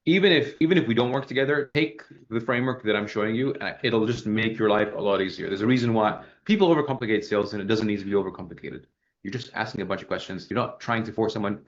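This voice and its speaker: A man in his thirties, a sales coach giving casual feedback, who talks fast and animatedly and acts out sample questions. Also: on the low side, highs cut off.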